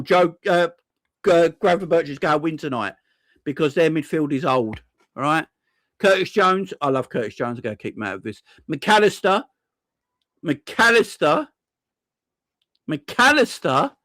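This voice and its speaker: A man rants about his team in sarcastic, repetitive bursts, swearing freely as he goes. His voice sits a touch higher than most men's, and the recording is dry and close, with no room sound. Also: no room sound. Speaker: football fan channel host. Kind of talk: ranting fan commentary.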